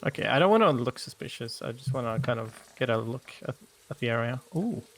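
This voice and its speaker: A man playing a tabletop game, talking casually with hesitant pauses. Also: medium pitch, expressive, a little hiss or hum. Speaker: player.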